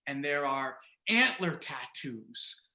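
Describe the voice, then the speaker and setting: A man's voice: mid-range voice, very animated, takes it slowly, pushed and bright, echoey room. A man narrating as game master of a tabletop game, describing action with restarts and laughing along.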